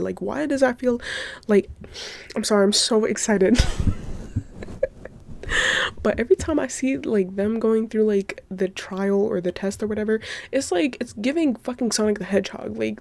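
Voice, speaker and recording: Excitable, giggly woman gushing on a podcast. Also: mid-range voice, gravelly, no room sound. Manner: excitable, gushing, swears a lot, slangy; giggly, breaks into laughter. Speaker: podcast host. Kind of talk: casual solo podcast rant.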